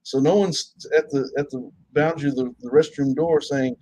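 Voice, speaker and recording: A man, a Muslim preacher, answering questions in a casual conversation, earnest and measured with frequent restarts. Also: fairly high pitch, fairly even intonation, mellow, a little hiss or hum, low-quality recording.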